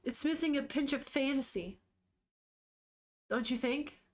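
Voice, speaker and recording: A calm young vampire woman speaks softly and coolly, never in a hurry, as a woman reading a manga aloud puts her on. She sounds teasing and completely unbothered. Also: high-pitched, measured pace. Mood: nonchalant.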